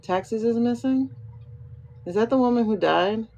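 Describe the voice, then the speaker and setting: A woman with a creaky, somewhat high, slightly mellow voice speaks at a measured pace; the highs are cut off and there's slight background noise. She hosts a tarot livestream from her phone as a tarot and pendulum reader, musing aloud, chatting with viewers by name, and asking and answering her own questions.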